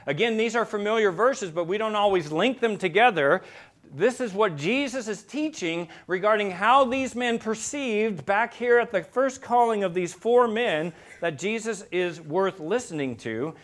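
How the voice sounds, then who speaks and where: A man preaching a sermon. He swings from quiet, low passages to loud, emphatic peaks and asks the congregation rhetorical questions. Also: expressive, moderate pace. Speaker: pastor.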